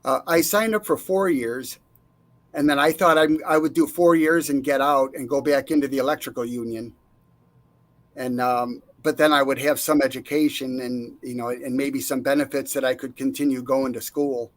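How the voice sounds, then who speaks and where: A middle-aged man recounting his life in a relaxed interview, acting out the voices of the people he quotes, with frequent fillers and restarts. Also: medium pitch, moderate pace. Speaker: interview guest, Navy veteran. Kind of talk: casual storytelling.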